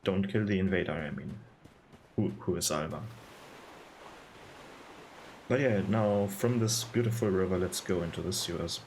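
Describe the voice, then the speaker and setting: A man's voice: low voice, moderate pace, long pauses, darkish tone, a little hiss or hum. A man giving casual, sarcastic gameplay commentary, rambling and disgusted. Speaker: gaming video host.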